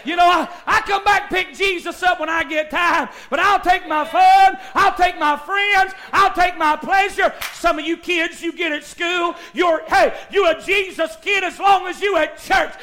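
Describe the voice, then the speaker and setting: A preacher with a very high voice, his delivery swinging from homespun storytelling into fervent, shouted appeals. The tone is bright and cutting, and it rises to a ringing edge as he presses his point. He is a man in full sermon mode, earthy and insistent. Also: fairly even intonation, normal speed, few pauses, some chatter behind. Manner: impassioned, builds to shouting, folksy storytelling.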